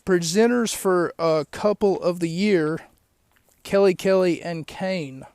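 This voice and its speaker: A man's voice: high-pitched, slow, darkish tone, clean tone, no echo. A man hosting a podcast, recapping a show in a rambling, chatty way with lots of asides. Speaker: podcast host. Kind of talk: casual recap of a wrestling show.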